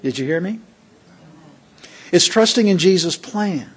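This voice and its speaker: A man's voice: high-pitched, animated, unhurried, long pauses, husky. A man preaching a sermon to a worship assembly, emphatic and fond of rhetorical questions to the congregation.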